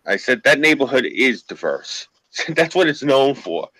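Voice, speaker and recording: A man with a New York accent hosts a loose online chat, brash and profane as he tells his stories. His voice sits at an ordinary pitch. The sound is dry and close, with no room in it. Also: sing-song, measured pace, sharp tone, no room sound, low-quality recording. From Queens, New York. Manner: brash storytelling, swears freely. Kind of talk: casual chat.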